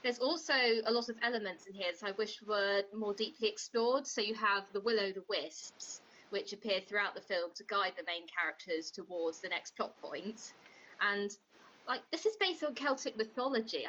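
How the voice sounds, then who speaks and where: Bright sharp-tongued woman critic. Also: medium pitch, animated, normal speed, muffled recording, a little hiss or hum. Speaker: podcast co-host as prosecutor. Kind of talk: comedic podcast film critique.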